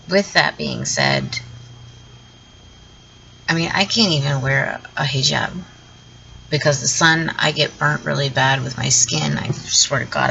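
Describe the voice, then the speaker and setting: Her low, gravelly voice has a sharp edge as this southern US woman rants opinions in her vlog, profane and blunt, with frequent laughter between points. The audio is dull, with slight background noise.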